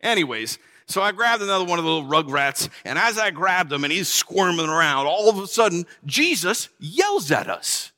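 A man's voice: sits high, very animated, normal speed, hardly any pauses, bright, forceful tone. A man giving a dramatic first-person sermon, telling the story as a disciple in a playful, chatty way. He is heard in a large hall. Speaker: preacher. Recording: long hall reverb.

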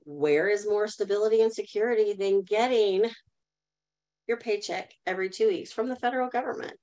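A woman's voice: medium pitch, brisk, a little mellow, highs cut off. A middle-aged woman telling a personal story as a guest in a live online talk, earnestly, and asking the audience to answer in the chat. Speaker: guest speaker.

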